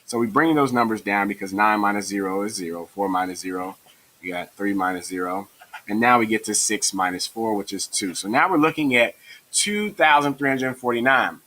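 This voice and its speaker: Man, math teacher, tutorial lesson, encouraging, step-by-step, bright tone. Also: on the low side, brisk, low-quality recording.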